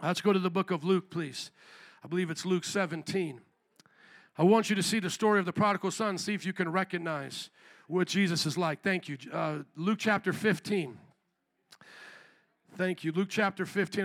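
High bright-voiced male preacher. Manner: animated preaching, acts out voices. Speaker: pastor. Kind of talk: sermon. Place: church.

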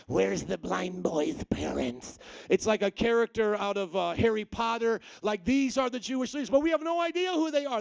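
A man preaching a sermon, animated and full of rhetorical questions to the congregation. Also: extremely high pitch, clean tone, dry recording. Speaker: pastor.

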